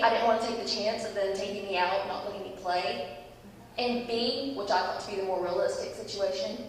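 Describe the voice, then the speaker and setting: A young woman giving a church talk, telling a lively story and acting out its people. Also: fairly high pitch. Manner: lively storytelling, acts out voices. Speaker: youth speaker. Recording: echoey hall, distant mic, faint hiss.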